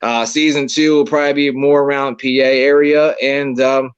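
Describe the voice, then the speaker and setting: A man's voice: mid-range voice, flat delivery, normal speed, clean tone, dry recording, dull audio. A man with a Maryland accent, a paranormal investigator co-hosting a casual podcast, who rambles along with lots of fillers and easy agreement. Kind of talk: casual chat.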